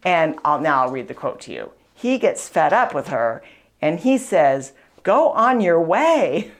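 This woman talks unhurriedly in a low-pitched, very animated voice. She's a faith podcast host, author and speaker sharing a saint's story with earnest chattiness and frequent asides, a conversational mix of storytelling and teaching.

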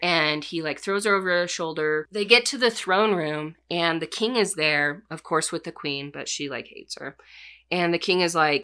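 A woman recaps a fantasy plot in a loose, chatty way, leaning on "like" at every turn. Her voice sits a little low for a woman but comes across bright and forceful. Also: moderate pace. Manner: chatty, filler-heavy, says "like" constantly. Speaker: storyteller. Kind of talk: casual plot retelling.

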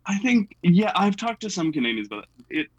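A man's voice: high-pitched, sing-song, normal speed, husky, dry recording, muffled recording. A young man from the United States, chatting casually as an interviewee, self-deprecating and full of fillers.

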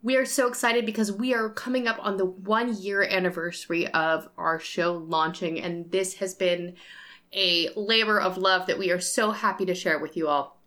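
A woman's voice: on the low side, steady tone, normal speed. A woman hosting a tabletop podcast, giving an upbeat scripted intro and ad read. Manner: warm, upbeat address to listeners. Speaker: podcast host.

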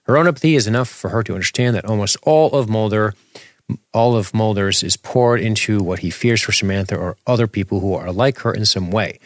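A man's voice: on the low side, a little fast, no room sound. A man co-hosting a casual commentary podcast, rambling and searching for words as he talks. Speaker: podcast co-host.

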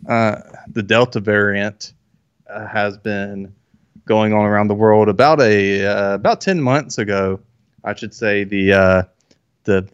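Male podcast co-host, low and smooth, opinionated and casual, dry dull lo-fi recording. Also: dry recording. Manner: opinionated, loose, filler-heavy. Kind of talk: casual chat. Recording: dull lo-fi audio.

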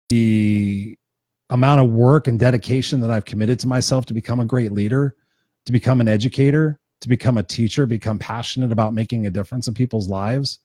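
On his own live stream, a man gives a passionate, unscripted motivational talk, cursing often and hammering points home through repetition. His voice sits in the mid range with a darkish tone, captured in studio quality with no echo.

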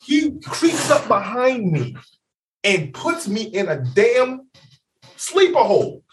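High, animated man telling a story. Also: takes it slowly, distant mic, slight background noise. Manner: animated, profane, acts out quotes. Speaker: podcast co-host. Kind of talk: casual chat, storytelling.

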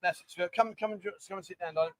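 A man's voice: high voice, rapid-fire, a bit bright, no room sound, rough recording. A man hosting a casual live stream, chatting and reading viewer questions aloud. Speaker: host of a live bar stream.

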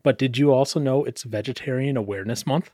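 A man's voice: mid-range voice, fast, dark tone, breathy edge, no echo, clean studio sound. A man co-hosting a podcast in casual chat, teasing his friend with playful asides. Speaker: podcast co-host.

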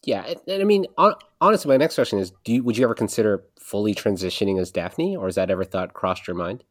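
Quick-talking host guy, teasing and playful, dry close sound. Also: lowish voice, expressive, no echo. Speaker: podcast host. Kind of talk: interview conversation.

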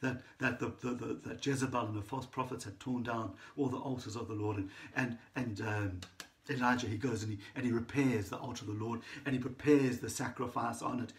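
Enthusiastic preacher. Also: male voice, mid-range voice, steady tone, a little fast. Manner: enthusiastic, storytelling, frequent restarts and "right?". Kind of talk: sermon.

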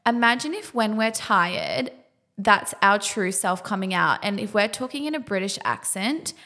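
A woman's voice: mid-range voice, expressive, normal speed, sharp tone. A tired woman with an Australian accent, co-hosting a beauty podcast in a chatty manner and laughing often. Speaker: podcast co-host, beauty nurse. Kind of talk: casual chat.

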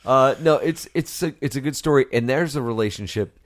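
A man's voice: mid-range voice, a little fast, background noise. A man co-hosting a casual movie-review podcast, laughing and swearing as he banters. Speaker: podcast co-host.

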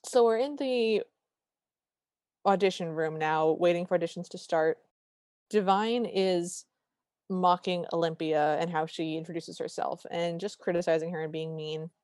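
A woman co-hosting a podcast, recapping a movie in animated casual chat and quoting the characters. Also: on the low side, normal speed, dry recording, studio quality. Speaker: podcast co-host.

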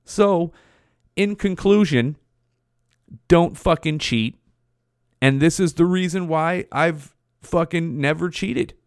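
A man's voice: on the high side, slow, long pauses, clear, resonant tone, no echo, clean studio sound. A man in his forties casually telling rambling, profane stories as a podcast host. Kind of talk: casual storytelling.

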